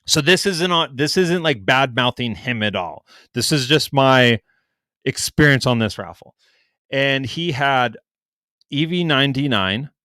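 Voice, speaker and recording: A man's voice: medium pitch, a little slow, no echo. A young adult man, a podcast co-host, telling a story in casual chat, swearing freely and acting out what others said in a raised voice. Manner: animated, profane, acts out quotes in a raised voice.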